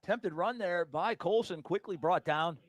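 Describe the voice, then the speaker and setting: A man with a high, light voice calls each play of a football game. He delivers downs, yardage and tackles in a brisk, factual way, with no frills. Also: no room sound. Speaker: play-by-play announcer. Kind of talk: live high school football commentary.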